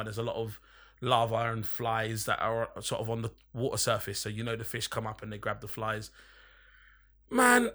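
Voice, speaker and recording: A man's voice: lowish voice, expressive, normal speed, bright, forceful tone. A young man telling a long, rambling, sweary anecdote in casual chat among friends. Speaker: podcast storyteller.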